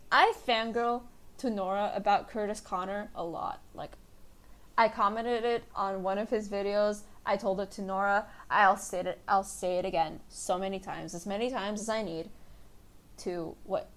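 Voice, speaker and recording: Hosting a solo podcast, a young woman speaks in a mid-range voice with a touch of brightness. She chats casually, drifting into self-deprecating rambles.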